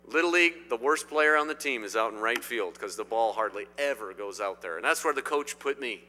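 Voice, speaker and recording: A middle-aged man from Indiana preaching a sermon in a church, swinging between loud declarations and quiet asides. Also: medium pitch, animated, a little fast. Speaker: pastor. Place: church sanctuary. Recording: long hall reverb.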